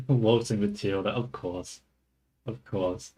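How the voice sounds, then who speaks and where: Casual, rambling man with a low voice. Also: slow, dark tone. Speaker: streamer testing AI voices. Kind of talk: casual chat.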